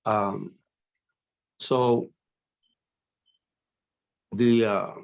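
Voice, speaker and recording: A middle-aged man telling his story as an interview guest, animated and acting out voices in quotes. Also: lowish voice, very slow, creaky.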